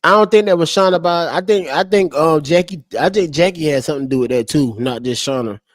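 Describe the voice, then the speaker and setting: A man talking straight to his stream chat in a fired-up, cursing way, circling back to the same lines again and again. His voice sits a bit high for a man. The sound is dry and close, with no room echo. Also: fast talker. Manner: heated, profane and repetitive, restating each point. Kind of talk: unscripted live-stream commentary.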